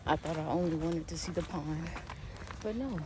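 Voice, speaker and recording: A woman's voice: low voice, normal speed. A woman vlogging casually while hiking an outdoor trail, talking into a phone held at arm's length in a rambling, chatty way full of fillers and laughs. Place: outdoor nature trail near a pond. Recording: outdoor ambience with clear background noise.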